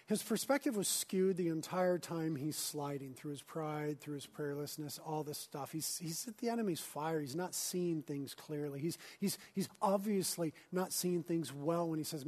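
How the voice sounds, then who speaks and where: Earnest male preacher, soft to urgent. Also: on the high side, moderate pace, few pauses. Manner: earnest, swings between urgent emphasis and hushed whispers. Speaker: pastor. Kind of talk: sermon.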